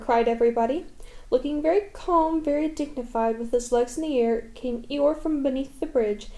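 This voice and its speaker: A woman's voice: sits high, normal speed, dark tone. Woman reading a storybook aloud. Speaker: reader. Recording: echoey room.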